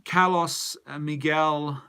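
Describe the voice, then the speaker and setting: A man's voice: fairly high pitch, steady tone, slow pace, pushed and bright, smooth. A middle-aged man with a New Zealand accent hosts a casual movie news stream, musing as he answers viewer comments. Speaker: movie news show host. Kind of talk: casual live-stream chat.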